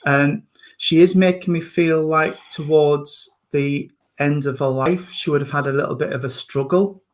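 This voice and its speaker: A man's voice: fairly high pitch, fairly even intonation, moderate pace, a little hiss or hum. A man, a reverend and medium, hosting an online service with affectionate, chatty readings over a video call. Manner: affectionate, calls people darling and sweetheart.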